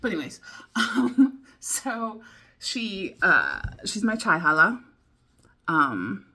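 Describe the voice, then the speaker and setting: A woman's voice: mid-range voice, a bit bright. A young American woman telling a rambling story in a casual vlog, full of fillers, restarts and laughter. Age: young adult. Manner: rambling, laughing, with many fillers and self-interruptions. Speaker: vlogger.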